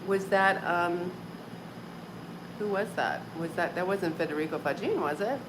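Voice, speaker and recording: A woman in her forties hosts a casual livestream from home, chatting with viewers in a fairly low voice at a measured pace. She's chatty, laughs often and fills her speech with plenty of "like" and "um," and clear background noise is audible.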